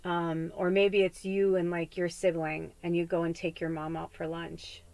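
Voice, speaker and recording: A woman's voice: fairly low pitch, flat delivery, moderate pace, a little mellow, rough recording. A woman in her forties hosting a psychic reading podcast, talking in a candid, rambling way, swearing freely and close to tears. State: tearful, close to crying. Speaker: psychic medium host. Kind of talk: casual spoken tarot-style reading podcast.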